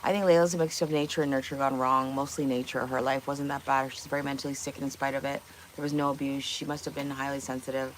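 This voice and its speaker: Woman streamer, low voice, blunt, opinionated, casual swearing, rhetorical questions. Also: little pitch movement, fast talker, a little hiss or hum. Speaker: livestream host. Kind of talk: casual livestream chat. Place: home kitchen.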